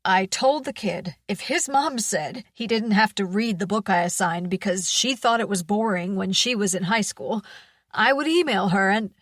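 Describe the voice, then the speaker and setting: A woman's voice: medium pitch, moderate pace, a bit bright, no room sound, clean studio sound, lightly acted. A woman doing a chatty male teacher.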